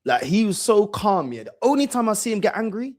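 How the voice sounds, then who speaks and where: A man's voice: sits high, big pitch swings, brisk, darkish tone. Slangy man telling a story. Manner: slangy, repeats phrases for emphasis. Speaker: football channel host. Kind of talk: casual storytelling chat.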